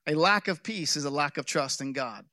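A man pastor preaching a sermon, telling a story with jokes and animated delivery. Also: a little high, moderate pace, no echo, clean studio sound. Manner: animated, joking, with restarts.

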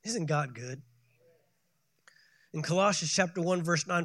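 A pastor preaching a sermon, building to loud emphatic peaks and calling for the congregation to respond. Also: male voice, a little high, measured pace, long pauses, no echo, studio quality. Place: church sanctuary.

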